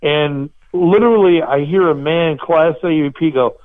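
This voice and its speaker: A man hosting a podcast, telling animated stories and laughing at himself in casual chat. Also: fairly high pitch, measured pace. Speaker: podcast host. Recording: tinny phone-like line.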